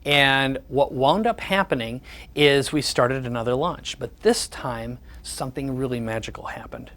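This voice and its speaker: A man's voice: medium pitch, moderate pace, a bit bright. A man giving a sales presentation, telling personal stories and acting out the conversations in them. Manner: storytelling, repeats the words of others in conversation.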